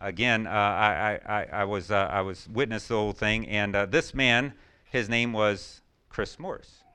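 A man preaching a sermon in a folksy storytelling way, full of fillers and restarts, now and then breaking into excited whoops. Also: lowish voice, normal speed, smooth. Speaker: pastor.

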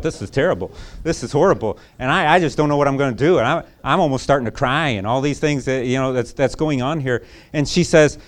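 Folksy man preaching with a personal story. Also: medium pitch. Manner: storytelling, repetitive and folksy, building to emphatic preaching.

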